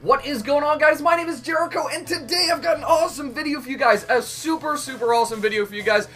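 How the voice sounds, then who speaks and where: A young man giving gameplay commentary as host, excitable, melodramatic and self-mocking. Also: very high voice, fast, music in the background. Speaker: gaming commentator.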